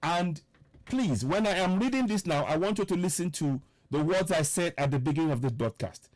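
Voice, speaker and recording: A man's voice: a little high, animated, a little mellow, no echo. A man giving an impassioned political livestream address as an online radio broadcaster, preaching and repeating points with emphasis. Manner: preaching, repetitive and emphatic, slows for stress; greets viewers by name mid-speech.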